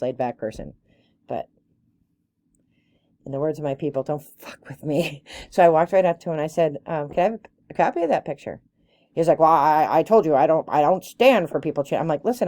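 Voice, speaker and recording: A woman's voice: a bass voice, no room sound. A woman in her forties, a hiking group leader, telling a personal story in a casual, chatty way, full of fillers and restarts. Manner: animated and indignant when retelling confrontations.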